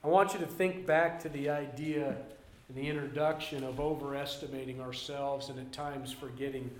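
A man preaching a sermon as a pastor, emphatic and swinging between loud passages and quieter ones. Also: medium pitch, steady tone, moderate pace, a little hiss or hum. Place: church. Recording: roomy echo.

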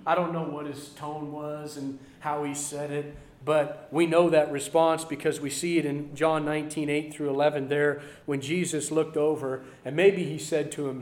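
High-voiced male preacher in an echoey hall. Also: steady tone, moderate pace. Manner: earnest, swings between loud emphasis and quiet asides. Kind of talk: sermon.

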